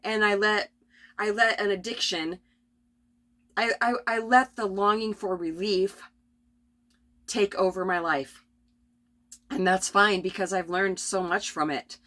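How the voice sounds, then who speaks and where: A middle-aged woman rambling through a spontaneous spiritual vlog from her RV, tired and coughing, with many restarts and soft laughs. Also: mid-range voice, fairly even intonation, a little slow, pauses often. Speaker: vlogger. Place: at home in an RV.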